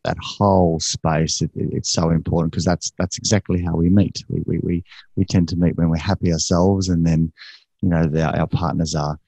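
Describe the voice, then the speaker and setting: A male interview host speaking haltingly, repeating words as he gathers his thoughts, in a dull lo-fi recording. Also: low-pitched, flat delivery, gravelly, warm tone, slightly rough, no room sound.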